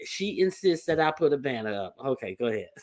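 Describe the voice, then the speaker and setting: A woman's voice: very deep voice, sing-song, brisk, crowd noise. Laid-back woman hosting a casual chat. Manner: loose, joking, drawling. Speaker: livestream host.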